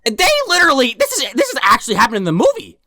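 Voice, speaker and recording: Woman co-host, wry and profane, very animated pitch; dry recording. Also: rapid-fire, dry recording. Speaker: podcast co-host. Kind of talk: casual chat.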